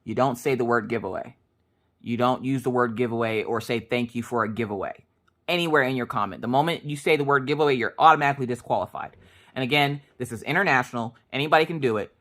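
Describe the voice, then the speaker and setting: A woman in her thirties chatting casually to her viewers, telling stories with jokes and quick asides. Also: a bass voice. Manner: chatty, jokey, animated storytelling. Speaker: crafting vlogger. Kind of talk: casual storytelling chat.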